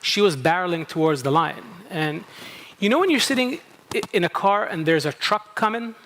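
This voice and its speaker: Middle-aged kuwaiti guy, bit of a new england accent, highish voice, chatty conference talk. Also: expressive, moderate pace, fairly bright tone. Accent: American-tinged English from New England camp. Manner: conversational, asks the audience "okay?" often, self-interrupting. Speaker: speaker introducing a panel. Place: conference hall.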